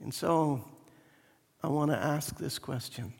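Slow earnest pastor guy preaching, kinda high voice, big echo. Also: vocal fry, a little mellow, slightly rough. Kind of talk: sermon. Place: church. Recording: echoey church hall.

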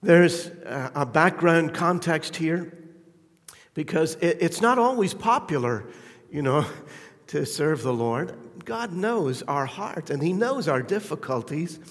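A man preaching a sermon, fervent and emphatic at the peaks, then dropping to a quiet, intimate tone. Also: a little high, lively intonation, takes it slowly, long reverb tail.

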